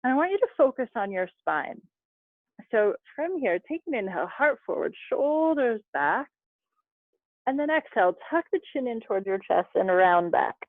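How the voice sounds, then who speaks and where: A woman leading a yoga class over a video call, giving calm, chatty cues with little laughs and asides. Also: fairly high pitch, normal speed, dry recording. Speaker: yoga instructor. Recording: dry, phone-like video call audio.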